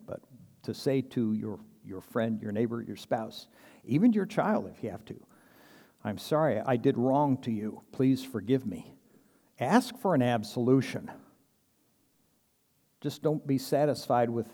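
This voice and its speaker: A man's voice: mid-range voice, unhurried, pauses often, dark tone, in a large hall. A man preaching a sermon in a conversational, earnest way, acting out little quoted exchanges and chuckling now and then. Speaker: pastor.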